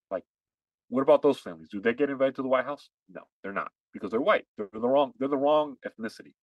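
A man's voice: fairly low pitch, dry recording, lo-fi sound. A man co-hosting a podcast, ranting emphatically in heated political chat and repeating his points. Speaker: podcast co-host.

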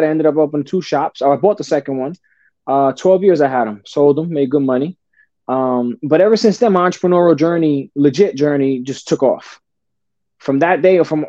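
A man's voice: on the high side, warm tone, no room sound. A man as a podcast guest telling his story in a casual, profane way, often calling the listener "brother" and restarting his sentences. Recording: dull lo-fi podcast audio.

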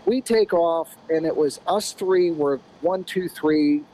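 An American man in his fifties, a podcast guest telling a racing story in a rambling, animated way with lots of "you know"s. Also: a little high, slow, low-quality recording. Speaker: podcast guest, former off-road racer. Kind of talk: casual storytelling.

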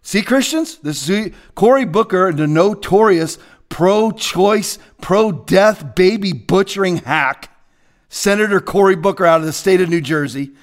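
A man preaching as a pastor in a fiery, confrontational rant, swinging between shouting and hushed asides. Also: high voice, measured pace.

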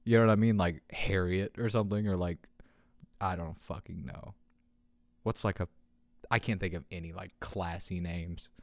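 A young man hosting a casual podcast, excitable and laughing often, swearing and doing deep meows as he reacts to memes. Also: normal speed, vocal fry, no room sound. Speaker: podcast host. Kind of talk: casual meme commentary. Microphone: handheld podcast mic.

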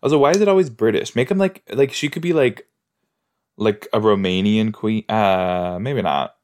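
A man's voice: on the low side, moderate pace, darkish tone. A man hosting a podcast, reacting casually and jokingly while watching an episode. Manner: chatty, joking, thinks aloud with fillers. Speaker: podcast host.

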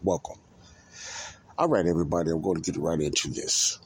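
A man hosting a religious podcast in a casual, rambling monologue. He repeats himself, leans on fillers like "uh" and "you know", and slows down to stress key words. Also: low-pitched, steady tone, slight background noise. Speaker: podcast host.

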